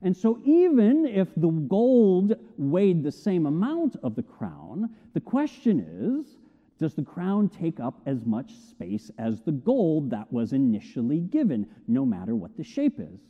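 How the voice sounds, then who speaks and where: Animated man preaching in an echoey hall. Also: a little high, measured pace. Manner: animated storytelling, acts out shouted quotes. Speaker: pastor. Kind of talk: sermon. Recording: tinny phone-like sound with long hall reverb.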